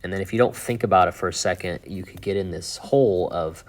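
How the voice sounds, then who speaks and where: A man teaching a math lesson in a relaxed, chatty way, thinking aloud with fillers and asides. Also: low voice, quick pace, few pauses, a little hiss or hum. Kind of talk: casual whiteboard lesson.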